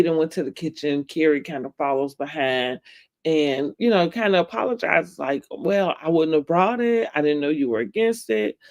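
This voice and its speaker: A woman's voice: low-pitched, darkish tone. A woman vlogger giving a casual, opinionated recap of a TV episode, talking straight to her viewers and laughing often.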